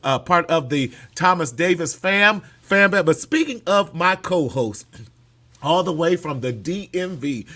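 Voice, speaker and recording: Male show host, loud and hype, slightly high voice, whoops a lot, casual banter over a video call. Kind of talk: lively casual show talk. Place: California.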